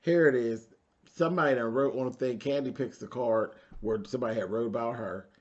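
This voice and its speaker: Male vlogger, mid-pitched, sassy gossip-recap delivery, slightly muffled lo-fi sound. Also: a little fast. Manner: sassy and gossipy, drawling "honey" and "child". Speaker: reality TV reviewer. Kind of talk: casual episode recap commentary.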